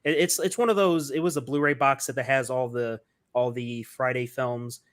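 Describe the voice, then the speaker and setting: A man's voice: medium pitch, fairly even intonation, moderate pace, fairly bright tone. A man hosting a podcast interview, talking in a casual, enthusiastic and rambling way, with lots of fillers and restarts. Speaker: podcast host.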